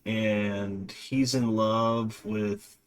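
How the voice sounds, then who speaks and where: A man's voice: lowish voice, fairly even intonation, drawn-out words, clean tone. Rambling, dismissive male movie reviewer. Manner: rambling, filler-heavy, dismissive. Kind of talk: casual spoken review.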